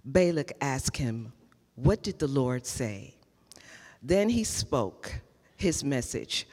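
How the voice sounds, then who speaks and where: A reader giving a scripture reading in a slow, measured way during a service. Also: medium pitch, very animated, a little mellow, breathy edge. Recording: long reverb of a large hall.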